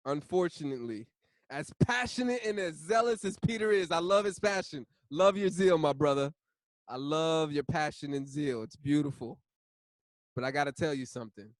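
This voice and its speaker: Talkative man leading a casual bible study, slangy and fairly high-voiced, dry close sound. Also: moderate pace, no room sound. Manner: chatty, laughs often, uses slang.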